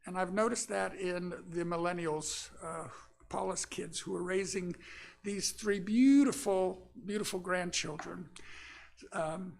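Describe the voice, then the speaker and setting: Preaching a storytelling sermon drawn from his own life, an older Florida minister speaks in a high, creaky voice inside a church sanctuary. The manner is relaxed and homespun, with many pauses and fillers.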